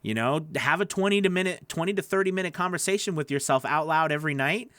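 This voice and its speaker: A man's voice: fairly high pitch, lively intonation, fast talker, a bit bright, no echo. Chatty man coaching in a dry studio. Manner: chatty and encouraging, answers viewer questions. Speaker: voice-over coach. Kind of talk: live-stream Q&A teaching. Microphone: studio microphone.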